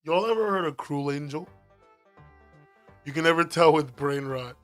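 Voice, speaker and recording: A man's voice: a little high, moderate pace, fairly bright tone, faint music behind. A man chatting casually on a stream, joking, swearing and laughing often. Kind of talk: casual stream chat reacting to videos.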